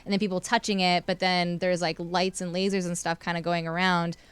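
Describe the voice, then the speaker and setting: A woman co-hosting a casual podcast chat, chatty and animated, slipping into silly voices. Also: fairly low pitch, brisk, clear, resonant tone, no room sound. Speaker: podcast co-host.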